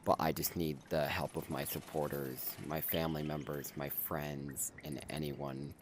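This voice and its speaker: A young man with an extremely deep voice talks slowly through a heartfelt update, pausing and sighing as he fights back tears. A steady hiss of noise sits under the recording. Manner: emotional, halting, with sighs and restarts. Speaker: content creator. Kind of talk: personal video update.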